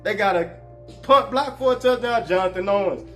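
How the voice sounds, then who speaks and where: A man hosting a casual sports talk show, animated and joking, full of slang. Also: sits high, moderate pace, faint music behind.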